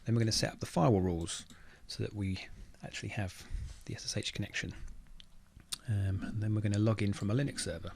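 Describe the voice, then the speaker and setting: Low gravelly man explaining his screen. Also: fast, hardly any pauses, slight background noise. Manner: relaxed, thinking aloud while typing. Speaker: automation engineer teaching a tech tutorial. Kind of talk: casual screen-recorded walkthrough.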